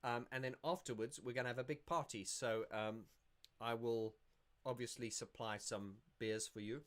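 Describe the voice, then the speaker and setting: A man's voice: mid-range voice, steady tone, moderate pace. A man hosting a casual livestream Q&A, chatty and rambling, often laughing and restarting his sentences. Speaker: YouTube channel host.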